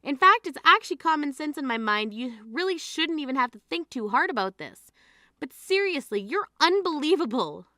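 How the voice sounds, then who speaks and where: A woman's voice: high-pitched, very animated, normal speed, bright, forceful tone, no echo, clean studio sound, exaggerated voice. A woman voicing a grieving adult sister who scolds her sibling in an exasperated, indignant way, in a dramatized text-message story.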